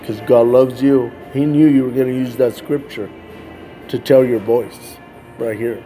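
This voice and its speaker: A man with a mellow, warm voice gives his testimony as a street evangelist. He talks casually, with lots of "like" and "man," and acts out the people in his story. Faint music plays underneath. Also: medium pitch, fairly even intonation, unhurried.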